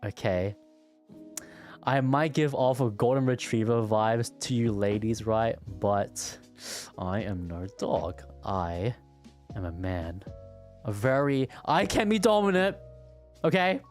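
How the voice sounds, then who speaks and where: A man's voice: on the low side, slow pace, darkish tone, faint music behind. A man streaming and chatting casually with his viewers, stuttering and repeating words as he talks.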